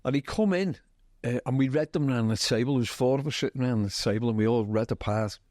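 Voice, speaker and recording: A man with a Liverpool accent, a TV writer being interviewed, telling anecdotes in a lively, chatty way, acting out quotes and laughing often. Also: medium pitch, fast talker, no room sound, clean studio sound. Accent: Liverpool (Scouse). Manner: animated storyteller, acts out quotes, laughs often. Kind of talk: casual anecdotal interview chat.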